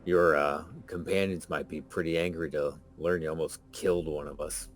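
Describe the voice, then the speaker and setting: A man voicing a gruff, snorting male minotaur who speaks with quiet menace. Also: very deep voice, steady tone, moderate pace, soft background music. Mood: menacing. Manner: snorting, threatening.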